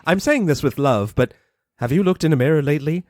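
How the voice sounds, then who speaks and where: A podcast host voicing an elegant, fussy female pony fashion designer from a cartoon, in a posh, drawn-out, theatrical manner. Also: medium pitch, animated, darkish tone, no room sound, clean studio sound, pitched below the performer's own voice, lightly acted. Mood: posh fussing. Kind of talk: reading cartoon dialogue aloud.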